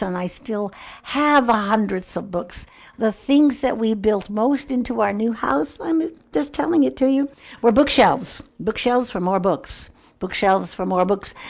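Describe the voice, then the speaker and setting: A woman's voice: mid-range voice, gravelly. Earnest older woman giving a devotional talk. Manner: earnest, reflective, drops to a near whisper on key words. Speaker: Christian speaker.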